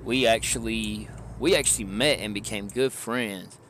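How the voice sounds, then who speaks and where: Low-voiced Southern man, easygoing stream chat. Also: normal speed, a little hiss or hum. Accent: Southern US, Georgia. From Georgia, US. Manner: relaxed, rambling, chuckles often. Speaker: live streamer. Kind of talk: casual chat with stream viewers. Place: in a car.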